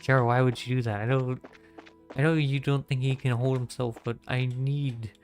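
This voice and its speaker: A man streaming a video game, chatting casually and reacting playfully out loud to what happens on screen. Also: mid-range voice, little pitch movement, moderate pace. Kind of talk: casual gameplay commentary. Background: game music.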